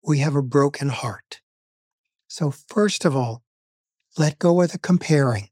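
A man's voice: fairly high pitch, a little slow, darkish tone, husky, dry recording, studio quality. A man speaking as a grief expert in an interview, telling stories in an earnest, emphatic way. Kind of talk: interview conversation.

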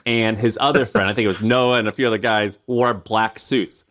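A man's voice: fairly low pitch, steady tone, brisk, a bit bright. A man co-hosting a podcast, talking casually with slang and jokes. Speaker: podcast co-host. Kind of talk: casual chat.

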